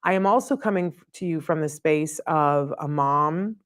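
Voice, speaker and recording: A middle-aged woman hosting a live studio show, chatty and effusive, with fillers and quick laughs. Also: low voice, dry recording. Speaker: host. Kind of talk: live show opening monologue.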